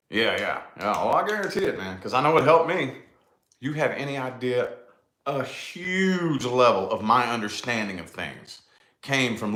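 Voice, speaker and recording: A man's voice: fairly low pitch, sharp tone, reverberant. A middle-aged man hosting a casual tarot livestream chat, laid-back and swearing freely, calling his viewers dude and y'all. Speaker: tarot channel host.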